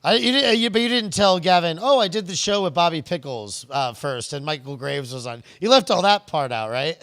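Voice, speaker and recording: A man's voice: a little high, lively intonation, fairly bright tone, no echo, studio quality. A man hosting a podcast in casual chat, restarting and repeating words as he talks. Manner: halting, repeats words when starting. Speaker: podcast host.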